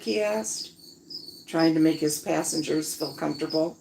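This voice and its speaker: A woman's voice: low voice, fairly even intonation, moderate pace, creaky, darkish tone, a little hiss or hum, poor audio. A woman reading a story aloud outdoors at night and chatting casually to listeners between passages. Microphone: phone propped on a chair. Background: crickets and insects.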